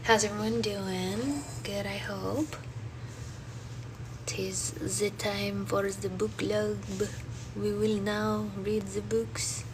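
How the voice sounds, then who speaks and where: A woman voicing a theatrical French-accented woman who formally announces the book club, with a slow, drawn-out delivery. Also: mid-range voice, flat delivery, far from the mic, pitched above the performer's own voice. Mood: grandly formal. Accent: put-on French. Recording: noisy background.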